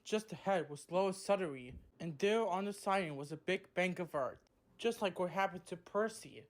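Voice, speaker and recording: A woman narrating a children's train story in a slow, simple storybook manner. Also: lowish voice, animated.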